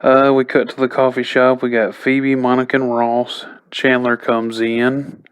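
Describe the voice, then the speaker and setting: A man reviews a TV episode in a relaxed, chatty recap, stringing it together with fillers. His voice is smooth and clean. He keeps a level, flat delivery that rarely rises or falls. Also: mid-range voice, a little slow. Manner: chatty, loose retelling full of "like" and "you know". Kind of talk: casual spoken recap.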